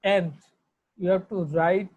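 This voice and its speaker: A woman's voice: lowish voice, fairly even intonation, slow, a little mellow, breathy edge, dull audio. A woman with a Bangladeshi accent, giving an online English grammar lesson, who repeats herself and spells words out letter by letter. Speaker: English teacher.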